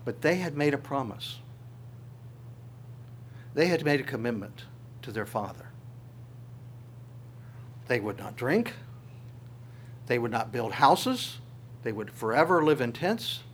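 A man's voice: mid-range voice, very animated, takes it slowly, long pauses, a bit bright, a little hiss or hum. A male pastor preaching a sermon, reading scripture aloud with his own commentary and asking the congregation rhetorical questions.

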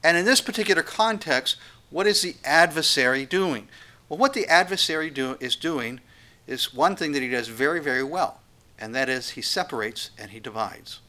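A man's voice: fairly high pitch, animated, moderate pace, bright, forceful tone. A man preaching an expository sermon, earnest and emphatic, breaking up his points with fillers and restarts. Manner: earnest, emphatic, acts out quoted voices. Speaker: pastor.

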